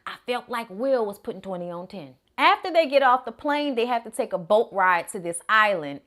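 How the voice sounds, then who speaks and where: A woman recapping a movie in a casual, sassy, animated way, talking straight to her viewers. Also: a little high. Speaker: movie reviewer.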